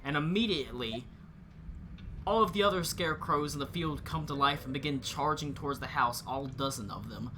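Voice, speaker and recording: Male game master, halting narration, piercingly bright timbre. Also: on the high side, slight background noise. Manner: halting, full of fillers and restarts.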